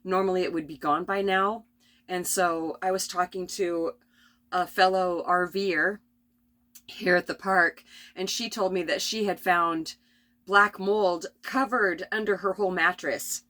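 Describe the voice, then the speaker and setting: A middle-aged woman rambling through a spontaneous spiritual vlog from her RV, tired and coughing, with many restarts and soft laughs. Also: on the low side, fairly even intonation, a little slow. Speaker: vlogger. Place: at home in an RV.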